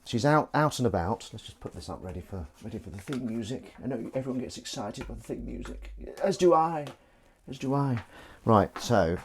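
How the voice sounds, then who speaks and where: A man's voice: fairly low pitch, slight background noise. A man hosting a casual livestream while he washes up, rambling and joking at his own expense. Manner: rambling, jokey and self-mocking, with false starts and wordplay. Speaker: livestream host.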